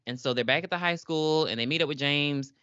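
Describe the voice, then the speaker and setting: A woman's voice: low voice, fairly quick, no echo, lo-fi sound. A woman in her twenties co-hosting a podcast, casually recapping an episode with laughter and acted-out lines. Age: 20s. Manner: animated, laughing, acts out characters in voices. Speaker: podcast co-host.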